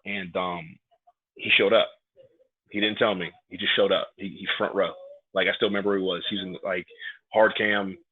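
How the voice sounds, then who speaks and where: Deep husky man on a tinny line. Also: normal speed, no room sound. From New York, raised in Atlanta. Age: 30s. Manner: animated storyteller, acts out quotes. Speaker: guest, pro wrestler. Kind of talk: casual podcast interview.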